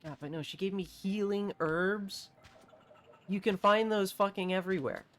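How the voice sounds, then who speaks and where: A man's voice: sits high, steady tone, moderate pace, a bit bright. Chatty, joking male game streamer. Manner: chatty, joking, swears casually. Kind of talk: casual gameplay commentary.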